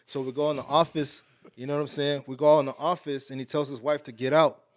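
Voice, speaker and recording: A man from Texas, a podcast guest, telling a story in a casual, slangy, animated way. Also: fast talker, no room sound, studio quality. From Alief, Houston, Texas. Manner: animated, slangy, getting louder and higher as the story builds.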